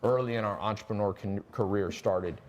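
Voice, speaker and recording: Male host, mid pitch, fast and animated, cracking jokes while selling a training course on a live stream. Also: lo-fi sound.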